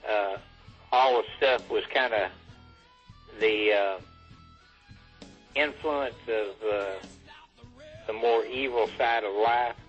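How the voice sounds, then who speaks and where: A man talking by phone as a guest on a casual show, joking dryly and drawling with pauses. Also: on the low side, fairly bright tone, soft background music. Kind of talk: casual chat. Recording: dull phone line.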